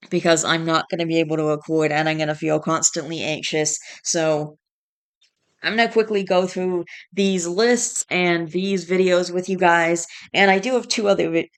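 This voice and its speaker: A woman's voice: deep voice, smooth. A woman vlogging in a casual chat, stressed and tired, fighting back yawns and restarting her sentences as she rambles.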